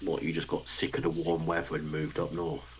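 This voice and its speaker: A man's voice: a bass voice, monotone, fairly quick, background noise. A British man from the United Kingdom chatting casually with dry, teasing humor. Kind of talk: casual chat.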